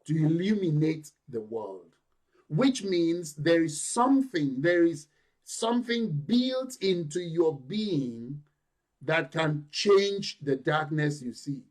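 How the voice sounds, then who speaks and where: A male pastor delivers a sermon in a church, pressing his points with emphatic, building intensity. His voice sits high for a man. He takes his time, letting each phrase land slowly. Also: animated, a little mellow. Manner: emphatic preaching with rising intensity.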